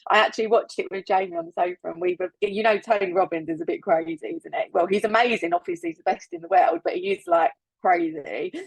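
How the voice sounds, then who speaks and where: A woman's voice: lowish voice, lively intonation, fast, creaky, hardly any pauses, breathy edge, no room sound, rough recording. Chatty upbeat woman on a video call. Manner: chatty and upbeat, laughs often, repeats words for emphasis. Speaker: business team leader giving training. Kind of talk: casual motivational team training.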